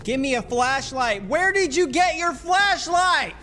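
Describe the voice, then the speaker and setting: A young adult streamer giving live gameplay commentary, excitable and jumpy, swearing often. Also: sits high, a little slow. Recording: noisy background.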